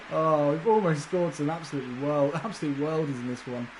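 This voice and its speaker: A man's voice: on the high side, moderate pace, noisy background. Chatty man streaming football game. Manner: laughing, chatty, swears casually, talks to chat. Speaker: gaming livestreamer. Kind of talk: live football game commentary.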